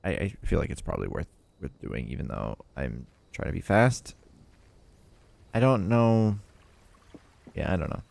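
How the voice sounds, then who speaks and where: Man, fairly low voice, casual live-stream chat, rambling, lots of ums, laughs a lot. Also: sing-song, normal speed, creaky, pauses often, a little mellow. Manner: rambling and chatty, laughs often, many ums. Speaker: livestreamer playing a puzzle game.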